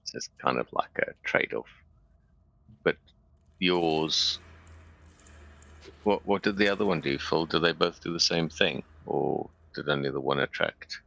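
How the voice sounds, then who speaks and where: A man's voice: a bass voice, a little slow, creaky, pauses often, pushed and bright. A man playing a tabletop game, asking questions and double-checking rules. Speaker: player. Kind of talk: casual tabletop game chat.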